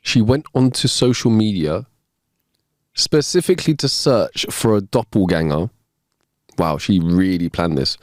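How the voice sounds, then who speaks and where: A man with a lowish voice that swings up and down a lot as he talks. He co-hosts a casual podcast and reads out a news story, breaking in with his own comments. The sound is dry and close. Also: expressive, unhurried, no echo. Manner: chatty, reads news aloud with asides, acts out quotes. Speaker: podcast co-host. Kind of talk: casual chat.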